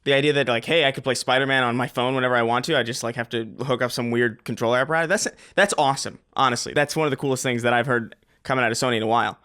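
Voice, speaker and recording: A man's voice: medium pitch, steady tone, racing, hardly any pauses, sharp tone, smooth. A man co-hosting a casual podcast, chatting along and riffing with playful, absurd jokes. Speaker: podcast co-host.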